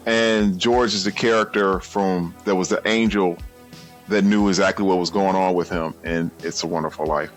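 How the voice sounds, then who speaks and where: A man chatting excitedly about a film on a podcast, restarting his sentences as he goes. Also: deep voice, faint music behind. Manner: animated, excitable, halting restarts. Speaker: podcast co-host. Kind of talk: casual movie chat.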